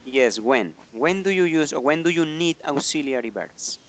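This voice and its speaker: A man's voice: fairly high pitch, expressive, normal speed, background noise. A man teaching an online English grammar class, explaining patiently and often checking in with tag questions.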